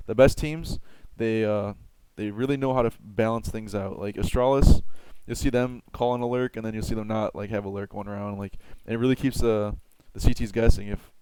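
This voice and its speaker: A man's voice: fairly low pitch, darkish tone, clear, resonant tone, dry recording. A man giving casual game strategy tips, rambling with lots of filler words and the odd swear. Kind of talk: casual tutorial talk.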